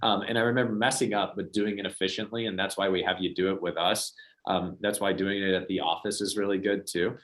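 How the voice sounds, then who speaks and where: Fast-talking young man, low voice. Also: fairly even intonation, fairly bright tone. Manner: storytelling, acts out quoted voices. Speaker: sales trainer. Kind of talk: motivational training talk.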